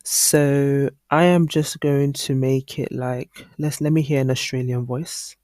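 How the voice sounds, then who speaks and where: A man in the middle of his range, explaining a video tool step by step as he clicks through it. He talks casually and thinks out loud, with plenty of ums and restarts. The sound is dry and close, with no room around it. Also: mid-range voice, steady tone, slow pace, no echo. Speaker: online course instructor. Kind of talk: screen-recorded tutorial walkthrough.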